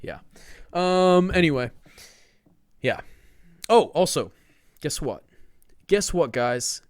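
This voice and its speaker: A man's voice: a little high, animated, takes it slowly, clear, resonant tone, no room sound, studio quality. Riled-up slangy man ranting. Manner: riled-up, slangy, peppers lines with "dude" and "man". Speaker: podcast host. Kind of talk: casual ranting monologue.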